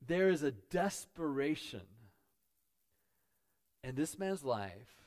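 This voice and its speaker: A man preaching a sermon as pastor, dropping to quiet asides and building to loud, emphatic peaks. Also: fairly high pitch, very animated, slow.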